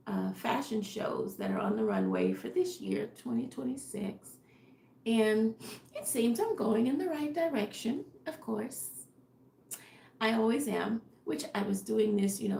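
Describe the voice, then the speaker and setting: A woman designer muses aloud in a slow, halting way, unsure which way to go. Her voice is gravelly and tired, fading as she talks. She sits in an echoey room at home. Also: mid-range voice, warm tone, slight background noise. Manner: musing aloud, halting and indecisive. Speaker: fashion designer. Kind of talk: casual live-stream talk. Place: home workroom.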